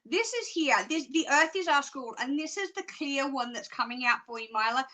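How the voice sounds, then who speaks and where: A woman psychic doing live card readings, chatty and excitable, laughing often. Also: high-pitched, normal speed. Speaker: psychic reader.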